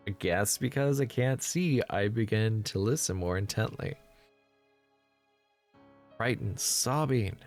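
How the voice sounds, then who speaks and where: A man reading the inner thoughts of a frightened, tied-up schoolgirl in a game, his voice rising when she panics. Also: darkish tone. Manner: reads the inner monologue aloud, pitching up when panicked. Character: frightened bound schoolgirl, teenage, helpless. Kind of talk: let's play voice reading.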